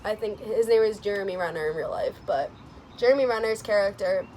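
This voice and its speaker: A young woman talks casually in a vlog, gushing and excitable, her sentences tumbling out with lots of fillers and laughter. Her voice sits at an ordinary middle pitch. A faint background hiss runs under the recording. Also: brisk. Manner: gushing and excitable, many "like"s, laughs and sighs, swings into squealing high quotes. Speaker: vlogger reviewing a movie. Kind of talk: casual chat.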